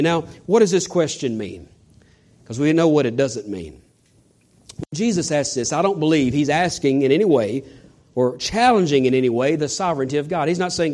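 High, lively-voiced preaching man. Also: moderate pace. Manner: dramatic, swinging from shouts to hushed near-whispers; asks the listeners rhetorical questions. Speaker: pastor. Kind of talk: sermon.

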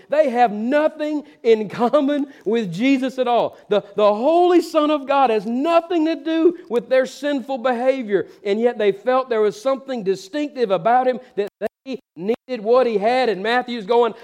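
A middle-aged man preaching a sermon, telling a story and acting out the voices of its characters, swinging between loud and hushed. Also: high-pitched, lively intonation, a little fast. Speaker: pastor.

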